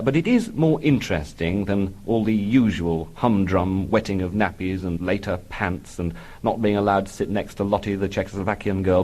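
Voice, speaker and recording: A man reading his own comic book aloud in a dry, deadpan manner. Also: fairly low pitch, rough recording. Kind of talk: audiobook narration.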